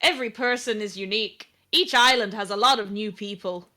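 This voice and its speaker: A woman's voice: medium pitch, brisk, sharp tone, close to an everyday voice. A woman voicing a flirtatious male doctor from a game, reading his lines aloud in a teasing manner. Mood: flirty.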